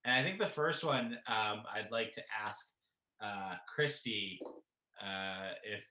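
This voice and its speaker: Bright-voiced joking male host, roomy sound. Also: fairly low pitch, slow pace. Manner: joking, rambling, laughs often. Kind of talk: casual chat. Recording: roomy echo.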